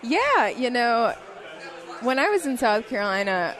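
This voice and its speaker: A woman's voice: fairly high pitch, sing-song, a little slow, fairly bright tone, some chatter behind, low-quality recording. A young adult woman, a news reporter, chatting casually as a guest and laughing easily. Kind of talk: casual chat.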